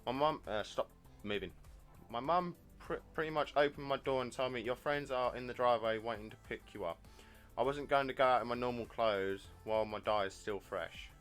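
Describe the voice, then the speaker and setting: A man reading the lines of a shy, nerdy young woman in a dating game, softly and hesitantly. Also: mid-range voice, fairly quick, faint music behind, close to an everyday voice.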